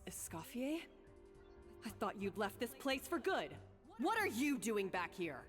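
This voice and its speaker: An actress playing a proud, touchy young head chef in a game, snapping defiantly, with lively pitch in audio with long reverb. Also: female voice, a little slow, faint music behind.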